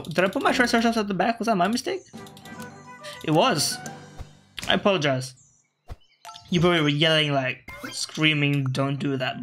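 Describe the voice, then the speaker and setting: A man with a slightly high, bright and forceful voice thinks aloud through a video game match. He rambles casually, corrects himself mid-sentence and chats to his own game pieces as if they were teammates. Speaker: gaming video host. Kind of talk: casual gameplay commentary.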